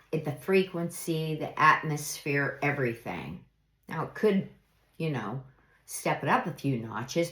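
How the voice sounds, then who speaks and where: A middle-aged woman giving earnest, reflective life advice in an unhurried monologue, now and then acting out example phrases. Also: low voice. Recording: echoey room.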